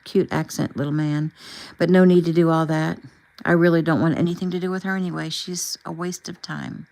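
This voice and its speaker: A man's voice: fairly high pitch, little pitch movement, fairly quick, creaky, darkish tone, low-quality recording. A woman reading as a smug creepy man. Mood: sneering. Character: creepy smug male stalker.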